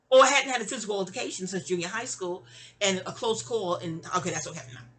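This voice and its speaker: A woman tells a story from her life in a casual, profane monologue. Her voice is bright and clear, and she jumps high and low when she acts out what people said. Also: fast. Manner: animated, acts out quotes with big pitch jumps; profane, conversational asides. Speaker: audio diary storyteller.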